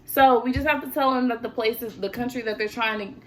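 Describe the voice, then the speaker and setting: A teenage woman vlogging in an animated, chatty storytelling manner. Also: fairly high pitch, a little fast. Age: teens. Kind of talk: casual chat.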